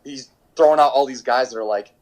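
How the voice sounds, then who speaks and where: A man's voice: mid-range voice, fairly quick, a little mellow, rough recording. A young man, a pro soccer goalkeeper, chatting in an interview, rambling with lots of fillers and restarts. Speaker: professional soccer goalkeeper, guest. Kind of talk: casual interview storytelling. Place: home during quarantine.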